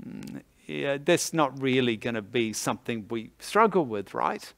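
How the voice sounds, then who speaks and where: A man's voice: mid-range voice, moderate pace, vocal fry. A male pastor giving a conversational sermon, laughing easily and leaning on sports analogies.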